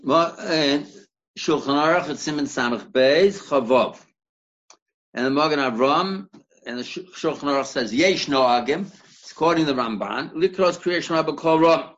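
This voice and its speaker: A bright-voiced man leads a Torah study lesson, working through Hebrew and Aramaic sources step by step. He often restarts and repeats words as he thinks aloud. The recording is dull and lo-fi. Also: a little high, lively intonation, a little slow. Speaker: Torah teacher. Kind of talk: Talmudic study lecture.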